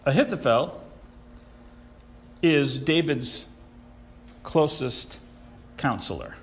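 A man preaching a sermon, animated and sarcastic, who acts out the people he quotes. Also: medium pitch, drawn-out words. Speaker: pastor.

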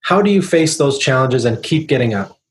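A man hosting an interview show, asking encouraging, measured questions. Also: medium pitch, lively intonation. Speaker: podcast host.

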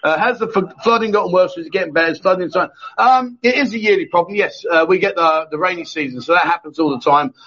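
A man's voice: high voice, fast talker, hardly any pauses, bright, forceful tone. A man hosting a live chat show, teasing his guests and laughing often as he reads out viewer comments. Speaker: host. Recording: dull lo-fi stream audio.

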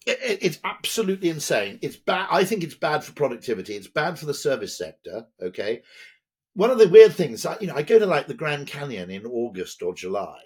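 An older British man talking in a lively, rambling way as a podcast guest, often checking in with "okay?". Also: a little high, a little fast, slightly rough. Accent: British English. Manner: animated, digressive, tags lines with "okay?". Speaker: guest, advertising executive.

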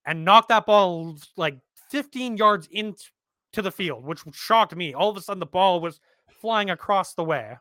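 A man's voice: high voice, normal speed, dry recording. A man co-hosting a casual sports podcast, talking bluntly and with swearing. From Canada. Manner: animated, blunt, swears freely. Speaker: podcast co-host.

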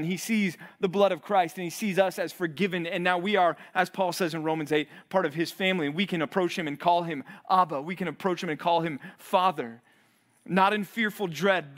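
A male pastor preaches earnestly, his slightly bright voice rising and then sinking low for emphasis. As he builds intensity, he keeps repeating and restarting words.

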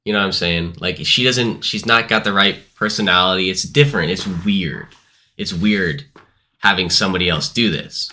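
A man's voice: low-pitched, normal speed, pushed and bright. A man co-hosting a casual movie review podcast, rambling and correcting himself as he goes. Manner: rambling, self-correcting, hedging. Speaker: podcast co-host.

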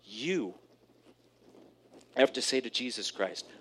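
A man preaching a sermon, telling a personal story in an animated way, often checking in with "right?". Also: medium pitch, takes it slowly, slight background noise. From California, USA. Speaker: pastor.

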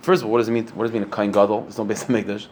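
A man's voice: on the low side, little pitch movement, rapid-fire, a little mellow, a little hiss or hum. A man giving a Torah lecture to a class, earnest and explanatory, posing rhetorical questions and using many fillers. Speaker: rabbi teaching a class.

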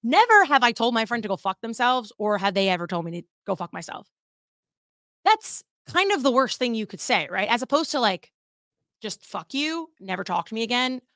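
Woman podcast host, bright forceful tone, dry close sound, chatty and profane. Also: a little high, a little fast, dry recording. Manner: animated, chatty, swears freely. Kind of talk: casual podcast monologue.

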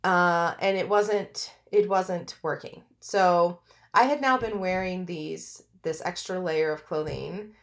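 A woman's voice: lowish voice, slow. Earnest woman telling her own story. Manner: earnest, reflective, with frequent restarts and fillers. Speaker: podcast host. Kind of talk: personal storytelling podcast.

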